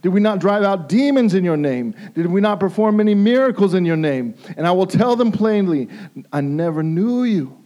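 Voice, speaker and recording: A male pastor preaching a sermon, emphatic and repeating phrases for stress, moving between hushed intensity and raised pleas. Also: sits high, lively intonation, fairly quick, hardly any pauses.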